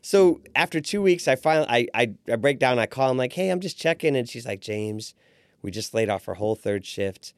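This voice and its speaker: A man in his forties tells a long personal story in a casual podcast interview. He voices each quoted person with lively jumps in tone, at a mid-range pitch. He is recorded close on a podcast microphone in a dry room. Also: fairly quick, clear, resonant tone, dry recording. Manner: animated storyteller who acts out quoted voices. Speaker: restaurant owner, podcast guest.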